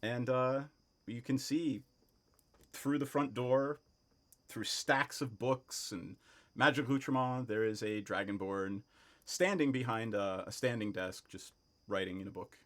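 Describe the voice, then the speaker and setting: A man's voice: medium pitch, unhurried, fairly bright tone. A man narrating as game master of a tabletop game, hesitant with many fillers and restarts.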